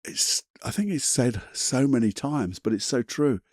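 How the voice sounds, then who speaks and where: A man's voice: mid-range voice, expressive, measured pace, a little mellow, no room sound, studio quality. A man hosting a self-help podcast, talking in a blunt, chatty, motivational way with the odd mild swear. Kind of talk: casual motivational monologue.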